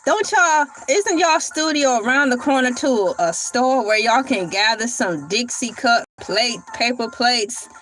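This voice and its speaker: Woman commentator, high voice, sassy and teasing, light music underneath. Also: slow. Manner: sassy, animated, teasing with exaggerated questions. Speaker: podcast reaction commentator. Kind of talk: casual reaction commentary.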